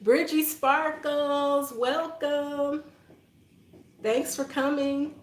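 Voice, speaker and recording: A woman hosting a casual livestream from her home kitchen, talking emotionally and softly and laughing often as she greets viewers. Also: sits high, little pitch movement, extremely slow, roomy sound. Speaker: livestream host. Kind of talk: casual live-stream chat with viewers.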